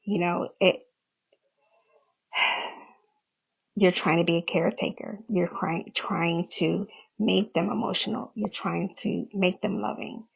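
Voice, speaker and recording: In candid personal talk on her podcast, a middle-aged woman discusses her feelings, often laughing and cursing casually. Her voice sits on the low side, slow and fairly even, with vocal fry, a slightly rough texture and frequent pauses. The recording is dull and lo-fi.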